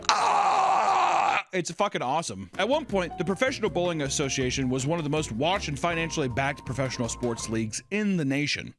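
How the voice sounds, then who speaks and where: A man co-hosting a casual commentary video, reading a script and breaking off to joke, swear and laugh. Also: fairly high pitch. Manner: animated, swears often, laughs through lines. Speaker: co-host of a commentary channel.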